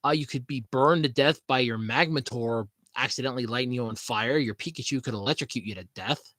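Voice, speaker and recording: A man's voice: mid-range voice, fairly quick, fairly bright tone, dry recording. A man hosting a podcast in casual, rambling chat, swearing freely and laughing at his own jokes. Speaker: podcast host.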